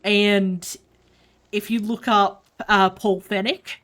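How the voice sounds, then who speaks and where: A woman's voice: medium pitch, flat delivery, slow, fairly bright tone. A woman from Australia with an Australian accent, chatting bluntly and swearing freely while she streams a game. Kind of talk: casual chat while gaming.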